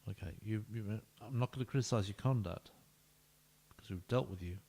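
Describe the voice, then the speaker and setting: A man's voice: lowish voice, fairly quick, creaky, darkish tone. A man, streaming a football management game and talking playfully to each player, often dropping to a whisper. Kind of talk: live-streamed game commentary.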